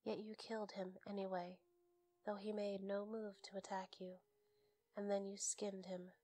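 A man's voice: high-pitched, monotone, moderate pace, natural voice. A woman whispering as a sneering fae courtier. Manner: sneering, muttering. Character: mocking one-eyed male fae courtier. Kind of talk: whispered role-play.

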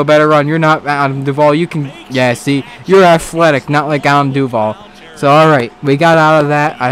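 A man giving casual let's-play commentary on a baseball video game, excitable, swearing and talking back to the game. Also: medium pitch. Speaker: gaming commentator.

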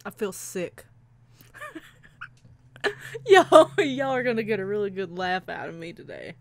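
A woman's voice: mid-range voice, expressive, fairly quick, vocal fry. A young woman playing a horror game on her channel, talking casually, jittery and frightened, laughing nervously between lines. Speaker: let's play gamer.

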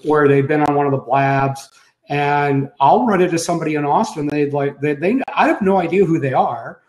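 Man, middle-aged, slightly high voice, co-host, reflective, easygoing, echoey room. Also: normal speed, darkish tone. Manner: easygoing, reflective, many restarts. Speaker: co-host, sidekick to the main host. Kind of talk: casual live web chat.

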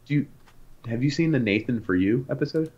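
A young man co-hosting a podcast, telling animated stories in casual chat and acting out the voices of people in them. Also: mid-range voice, fairly quick, breathy edge. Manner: animated, acts out voices in anecdotes. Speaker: podcast co-host. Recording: dull lo-fi sound.

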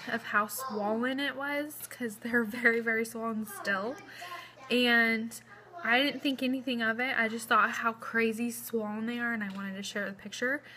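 A woman's voice: fairly high pitch, bright, forceful tone, slight background noise. A young woman, heavily pregnant and a bit out of breath, chatting in a rambling vlog update at home with many fillers. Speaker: vlogger. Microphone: phone camera close up.

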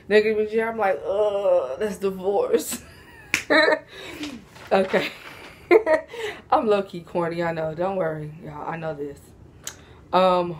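A woman's voice: fairly low pitch, a little mellow, slight background noise. A young woman chatting casually at home for a vlog, sleepy and yawning, laid-back and slangy, with frequent giggles. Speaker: vlogger. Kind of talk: casual Q&A chat to camera.

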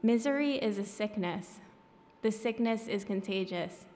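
A woman's voice: medium pitch, measured pace, a little mellow. Woman reading aloud with wry asides. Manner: wry, self-deprecating asides. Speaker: author reading her own graphic novel. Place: reading event in a hall. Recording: echoey hall.

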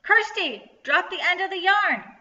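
Eager schoolgirl heroine read by a woman, bright and slightly raised; echoey, dullish sound. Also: medium pitch, normal speed, lo-fi sound, natural voice. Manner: bright, calling out.

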